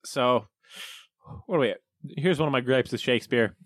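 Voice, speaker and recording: A man co-hosting a podcast in relaxed casual banter, easily amused. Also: mid-range voice, moderate pace, no room sound, clean studio sound. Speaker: podcast co-host.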